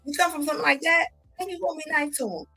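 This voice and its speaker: Racing along in a high-pitched, sharp, steady tone, a woman streamer mocks and bluntly reacts during casual commentary, laughing often. Soft background music accompanies her.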